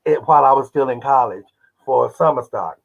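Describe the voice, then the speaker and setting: A man in his seventies from Oklahoma, a guest who tells animated stories and acts out the voices of people he quotes. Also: mid-range voice, fairly quick, gravelly. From Oklahoma, United States. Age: 70s. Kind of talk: casual interview storytelling. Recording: dull lo-fi audio.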